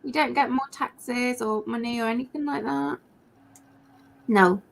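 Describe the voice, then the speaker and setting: A woman's voice: a little high, fairly even intonation, measured pace, gravelly, slight background noise. A woman chatting casually with friends, making emphatic points and closing many of them with tag questions. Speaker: chat participant. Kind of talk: casual chat among friends.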